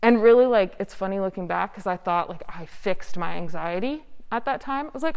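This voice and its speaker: Young woman telling her recovery story, rambly, lots of "like", smooth voice, echoey hall. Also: medium pitch, normal speed, hardly any pauses. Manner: candid, rambling, heavy use of "like". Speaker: speaker sharing recovery story. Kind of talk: personal testimony at a recovery meeting. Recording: smooth voice with long hall reverb.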